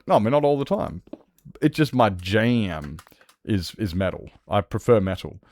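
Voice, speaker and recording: A man with an Australian accent streaming a game, chatting with his audience in a vulgar, jokey way that is rough around the edges. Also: fairly low pitch, no echo. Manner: animated, jokey, laughs often. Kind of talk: live game-stream chat.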